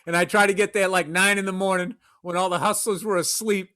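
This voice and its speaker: A man hosting a podcast, telling stories in profane, animated casual chat. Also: high voice, quick pace. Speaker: podcast host.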